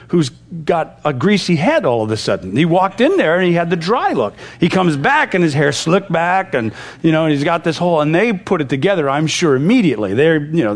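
A male pastor teaching a Bible passage verse by verse, in a conversational manner that retells the scenes in lively paraphrase. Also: fairly high pitch.

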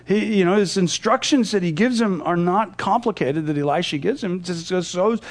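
A man's voice: sits high, a little fast. A man teaching a Bible passage verse by verse, explaining and retelling it in a conversational way.

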